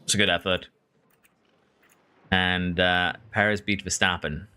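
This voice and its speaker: A man streaming a racing management game, talking excitedly to his drivers and reading chat. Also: low voice, measured pace, smooth. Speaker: gaming streamer. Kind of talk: live game commentary.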